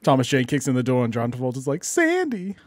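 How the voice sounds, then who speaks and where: A man's voice: medium pitch, flat delivery, racing, darkish tone, dry recording, clean studio sound. A man co-hosting a casual podcast, playful and bantering. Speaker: podcast co-host.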